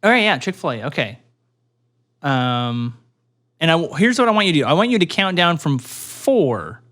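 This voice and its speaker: A man co-hosting a casual podcast, animated, swearing and laughing freely. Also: fairly high pitch, moderate pace. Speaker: podcast co-host.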